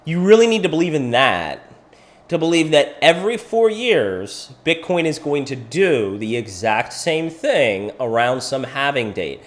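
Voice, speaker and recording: A man's voice: mid-range voice, a little slow. A middle-aged man from Pennsylvania hosting a crypto livestream, walking through price charts and answering viewers in chat by name. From Pennsylvania, USA. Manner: animated, talks to viewers by name. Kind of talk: live chart analysis with chat questions.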